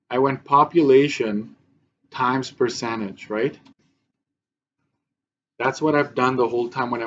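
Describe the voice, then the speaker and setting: A man's voice: mid-range voice, slight background noise. Man, teacher, step-by-step math explanation, frequent "right?" checks, muffled lo-fi sound. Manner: talks through steps, frequent "right?" checks. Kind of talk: math lesson walkthrough.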